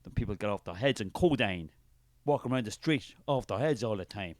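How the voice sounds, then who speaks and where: An Irish man putting on a preachy, fervent spirit of art, a low, loud and forceful man who rambles on grandly in a comic sketch. The voice swings widely in pitch, and the sound is dry and close. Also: animated, brisk, dry recording, lightly acted.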